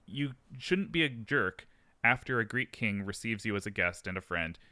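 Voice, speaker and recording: A man's voice: fairly low pitch, animated, normal speed, sharp tone, no echo. A man co-hosting a podcast, telling a myth in a chatty, hesitant way. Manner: chatty, hesitant, full of fillers and laughs. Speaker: podcast co-host and myth storyteller. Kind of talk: casual comedic storytelling.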